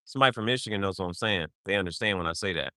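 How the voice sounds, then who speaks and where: A man's voice: low voice, very fast, pushed and bright, no echo, clean studio sound. A man hosting a podcast in casual chat, playful and laughing often as he jokingly sounds out foreign words. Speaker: podcast host.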